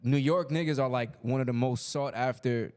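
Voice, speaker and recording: A man's voice: medium pitch, moderate pace, a little mellow. A man co-hosting a podcast, reading out viewer comments and chatting casually with his friends. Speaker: podcast co-host reading chat. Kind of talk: casual chat.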